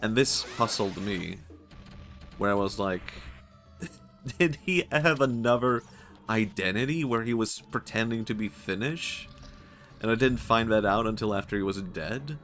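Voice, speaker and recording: A man's voice: lowish voice, measured pace, fairly bright tone, faint music behind. A man with a Swedish accent, chatting casually and jokingly while streaming a game, often laughing. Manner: rambling, jokey, laughs often. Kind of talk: casual gameplay commentary.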